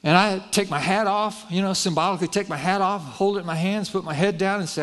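A pastor preaching a sermon, telling a story in a folksy, self-deprecating way and acting out the dialogue. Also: male voice, high voice, fast, hardly any pauses, a bit bright.

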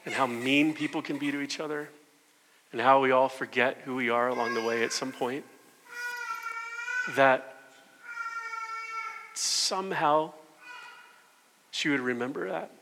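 An earnest male pastor delivers a sermon with a bright, forceful voice. He swings between ringing emphasis and hushed, soft lines. The sound carries a long reverb from the hall. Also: mid-range voice, unhurried, long pauses, a little hiss or hum.

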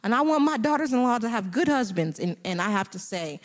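Speaking fairly quickly in a fairly high, lively voice, this middle-aged panel guest recounts her personal testimony at a church event. She laughs frequently throughout, and the audio carries a big-room sound.

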